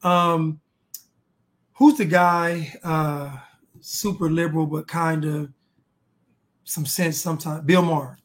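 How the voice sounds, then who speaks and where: A man in casual political chat, an animated storyteller who acts out dialogue and talks casually with many restarts. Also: on the high side, slow pace, pauses often.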